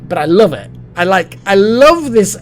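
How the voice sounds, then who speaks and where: A man rambling through gameplay commentary, his pitch swinging widely as he gets excited and then drops into muttering. Faint game music plays quietly behind him. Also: normal speed. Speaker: gaming channel host. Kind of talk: let's play commentary.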